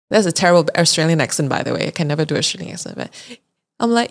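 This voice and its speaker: A woman's voice: lowish voice, quick pace. Chatty woman podcast host telling stories. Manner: chatty and animated, many "like"s and laughs. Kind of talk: casual storytelling chat.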